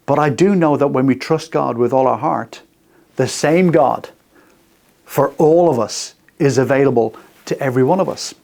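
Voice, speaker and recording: A man's voice: medium pitch, normal speed, gravelly, darkish tone. A man in his sixties hosting a radio faith talk, earnest and personal, speaking in short repeated phrases. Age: 60s. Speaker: radio host. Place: radio studio.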